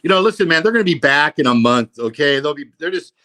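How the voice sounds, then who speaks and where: A man's voice: on the high side, expressive, fast, sharp tone. A man hosting a casual livestream, rambling and profane, full of "you know, man.". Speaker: livestream host.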